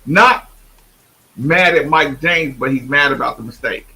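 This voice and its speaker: A man hosting a sports talk show, emphatic and animated, often imitating others. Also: fairly high pitch, measured pace, vocal fry, poor audio. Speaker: host.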